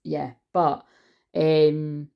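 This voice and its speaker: Rambling low-voiced woman, gravelly. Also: little pitch movement, very slow, muffled recording. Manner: rambling, chatty, swears freely. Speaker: tarot reader. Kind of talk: casual spiritual tarot reading.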